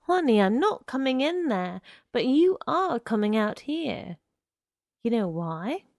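A woman's voice: mid-range voice, lively intonation, a little slow, vocal fry, darkish tone, no room sound, clean studio sound. A woman doing a coaxing, menacing young man. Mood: coaxing menace. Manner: coaxing, drawling, insistent. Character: sinister smooth-talking young man, menacing suitor.

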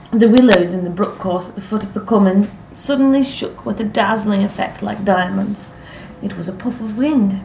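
A woman narrating a literary story in a measured, vivid descriptive reading. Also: medium pitch, background noise. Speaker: audiobook narrator. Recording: roomy echo, faint ambience.

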